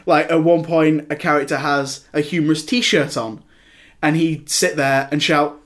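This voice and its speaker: A young man hosts a casual podcast chat, his voice sitting a little high for a man. He tells stories with animation and slips into loud impressions of other people. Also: measured pace. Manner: animated storyteller, mimics people loudly. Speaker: podcast host.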